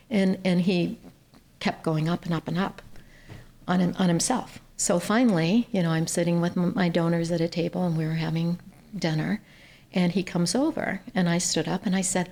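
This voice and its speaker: A woman from Ohio, a nonprofit CEO, telling stories as a guest on a podcast interview in an earnest, animated way. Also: on the low side, normal speed, creaky.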